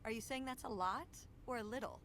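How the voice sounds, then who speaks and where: An actress voicing a calm, reasonable woman in a story game, talking in a level, reasoning way. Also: a little high, fairly quick, slight background noise, close to an everyday voice.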